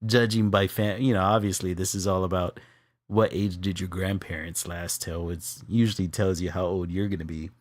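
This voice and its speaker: A man telling a funny personal story in casual chat, laughing often and jumping up in pitch when excited. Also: normal speed, dry recording, clean studio sound. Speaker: co-host of an art stream.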